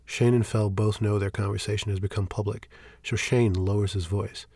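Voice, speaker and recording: Gravelly man reading a horror story. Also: on the low side, level tone, normal speed, a little mellow, dry recording. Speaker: story reader. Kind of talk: scripted horror story narration.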